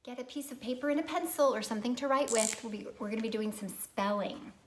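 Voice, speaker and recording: A woman's voice: a little high, fast talker, slight background noise. A woman teaching a recorded phonics lesson to young children, patient and prompting them to repeat words.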